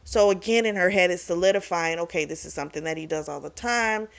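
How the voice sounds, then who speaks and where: A woman's voice: lowish voice, fast, creaky. Frank, chatty woman recapping a book. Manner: chatty, frank, swears freely, lots of asides. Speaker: book club vlogger. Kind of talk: casual book review recap.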